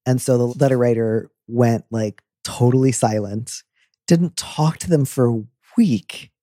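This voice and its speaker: A man hosts a casual advice chat, joking and playful as he talks things through. His voice is mellow and warm, at an ordinary middle pitch. The sound is dry and close, with no room echo. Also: unhurried. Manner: playful, jokey, animated impressions. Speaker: advice podcast host.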